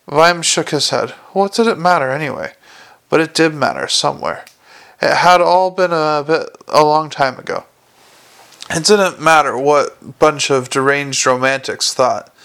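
A man's voice: fairly high pitch, unhurried, clear, resonant tone. A man narrating a comic novel as an audiobook, telling it steadily and voicing the characters himself. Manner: steady storytelling with voiced characters. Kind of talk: scripted narration.

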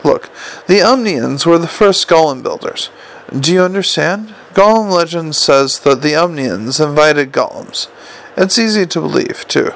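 A man reading an audiobook and voicing a brisk, stubborn, matter-of-fact woman in a gravelly voice. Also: a little high, animated, a bit bright, poor audio. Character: brisk, stubborn, sharp-tongued adult woman. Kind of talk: audiobook character voice.

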